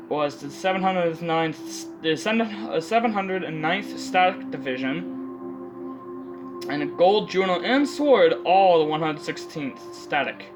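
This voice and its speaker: A man's voice: on the high side, poor audio. A young man reading out historical facts in a casual commentary, stumbling over names and correcting himself with muttered asides. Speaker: video creator. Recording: music playing loud under the voice.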